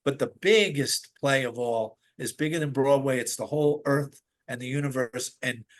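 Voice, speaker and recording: Man, podcast guest, animated storyteller, restarts a lot, mid-range voice. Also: medium pitch, normal speed. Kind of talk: casual spiritual conversation.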